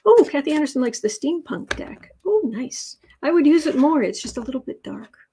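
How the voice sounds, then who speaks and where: A woman's voice: high-pitched, very animated, a little fast, noisy background. A woman hosting a casual livestream tarot reading, chatty and rambling as she reads out viewer comments. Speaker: tarot reader and channel host.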